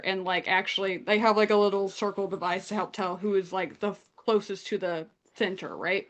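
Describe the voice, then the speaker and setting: A young woman from Canada telling a story in casual chat, animated and acting out quotes. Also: medium pitch, brisk, few pauses. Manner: animated retelling with acted-out quotes. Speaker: guest storyteller.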